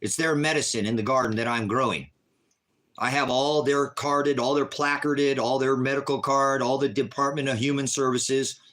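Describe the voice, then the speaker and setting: A man hosting a casual livestream, arguing his point with emphatic repetition. His voice is bright and forward, and he sits at an ordinary middle pitch for a man. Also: steady tone, normal speed. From Oregon, USA. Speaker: livestream host.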